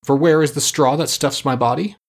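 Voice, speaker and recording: A man's voice: a little high, fairly quick, pitched above the performer's own voice. A man voicing a proud, noble scarecrow's head with a hollow voice, in an audiobook reading. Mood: despairing. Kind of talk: storybook reading.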